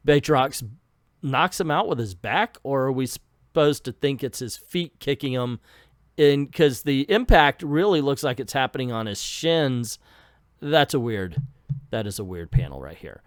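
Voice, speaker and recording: Man, comic reviewer, sarcastic, crude asides, animated pitch, dry close sound. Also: unhurried, no room sound. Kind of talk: comic reading with jokey commentary.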